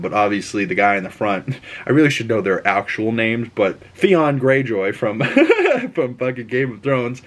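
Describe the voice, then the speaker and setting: Excitable, cursing young man reviewing a movie. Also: lowish voice. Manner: excitable, profane, rambling.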